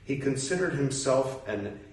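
A man's voice: mid-range voice, expressive, a little slow, a little mellow. Musing man reading aloud, roomy echo. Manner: reads aloud, stops to muse and question. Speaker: reader and commentator. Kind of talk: casual reading with commentary. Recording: roomy echo, distant mic, faint noise.

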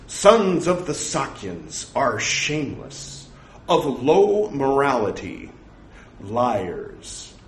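A man's voice: medium pitch, reverberant. A man reading the part of an indignant Brahmin husband from scripture, speaking scornfully. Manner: scornful, denouncing.

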